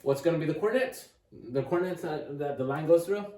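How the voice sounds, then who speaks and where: Man, math tutor, encouraging, thinks aloud, slightly high voice, distant mic in a roomy space. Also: brisk, mellow. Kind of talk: casual whiteboard math lesson. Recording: echoey room, mic at a distance.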